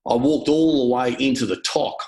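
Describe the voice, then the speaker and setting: A man's voice: medium pitch, fairly even intonation, normal speed, darkish tone, poor audio. An Australian man, a special forces veteran, telling combat stories in a blunt, matter-of-fact way with some swearing. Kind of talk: casual storytelling interview.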